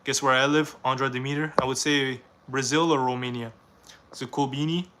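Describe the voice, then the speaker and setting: A man's voice: mid-range voice, steady tone, brisk, pushed and bright. A young man from Canada, reading viewers' questions aloud on a live stream and answering them in a casual, rambling way.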